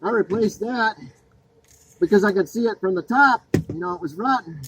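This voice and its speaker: A man's voice: sits high, normal speed, background noise. A man ranting with sarcasm and anger while crawling under a home to point out a botched installation. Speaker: homeowner inspecting a botched install. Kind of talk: annoyed walkthrough vlog.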